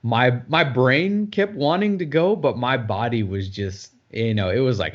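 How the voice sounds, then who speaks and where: A man's voice: mid-range voice, measured pace, few pauses. Man telling a running story. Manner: storytelling, conversational with many fillers. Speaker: podcast co-host. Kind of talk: casual podcast chat. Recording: dull lo-fi sound.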